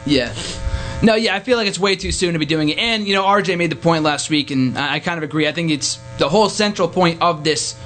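A man hosting a casual wrestling talk show in a small radio studio, excitable and jokey. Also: fairly high pitch, faint music behind. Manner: excitable, jokey, quick to shout. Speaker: podcast host.

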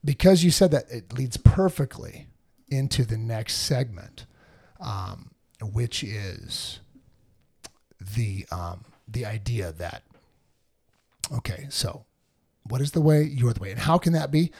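This podcast co-host, a man with a medium-pitched, slightly rough voice and vocal fry, speaks slowly. He tells stories with animation during a casual spiritual chat, acting out other people's voices.

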